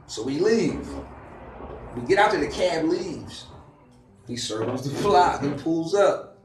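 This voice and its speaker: Animated storytelling rapper guy. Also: a little high, takes it slowly, pauses often, echoey room, recorded from a distance, a little hiss or hum. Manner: animated, profane street slang, acts out quotes loudly. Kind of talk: casual storytelling in a podcast chat.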